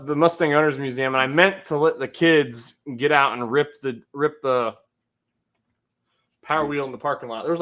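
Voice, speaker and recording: A man in his thirties hosting a casual livestream, telling a rambling story, laughing often and greeting viewers in the chat. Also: mid-range voice. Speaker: livestream host.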